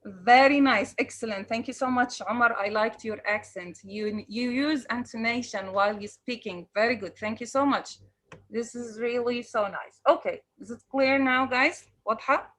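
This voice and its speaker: A woman's voice: a little high, moderate pace, a bit bright. Fields: woman, teacher. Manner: encouraging, switches between English and Arabic. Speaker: English teacher. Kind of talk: online class instruction.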